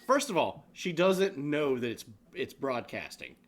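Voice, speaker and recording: A man's voice: mid-range voice, unhurried, very noisy. A man co-hosting a casual online news show, swearing, laughing and ranting about what he shows. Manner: animated, swearing, laughs often. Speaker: show co-host. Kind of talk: casual profane news commentary.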